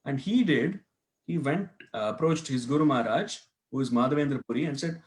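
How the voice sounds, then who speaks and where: A man's voice: mid-range voice, fairly quick. A man teaching a devotional scripture class, telling a story and asking his listeners questions as he goes. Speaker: class speaker. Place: temple hall.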